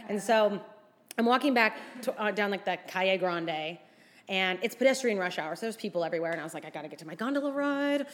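A woman comedian from the States tells a personal story to a live audience. She has a mid-range voice and acts out every quote, her pitch leaping high and dropping low again as she plays the people in the story. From United States. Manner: animated, acts out quotes with big pitch jumps.

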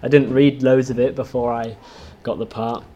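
A man's voice: medium pitch, flat delivery, normal speed, dark tone, highs cut off. A young man actor in an interview, speaking offhandedly and hesitantly with dry humour. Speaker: lead actor. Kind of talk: casual interview.

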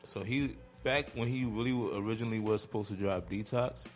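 A man's voice: lowish voice, steady tone, fairly quick, soft background music. A man on a radio show talking casually as the guest, laid-back and slangy, rambling a little. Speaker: guest producer. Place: radio studio.

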